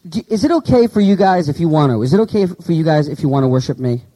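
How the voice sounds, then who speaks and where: Conversational preacher man, dark voice. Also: a little high, animated, low-quality recording. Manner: conversational preaching, asks the audience questions, reads Greek words slowly. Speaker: pastor. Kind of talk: sermon.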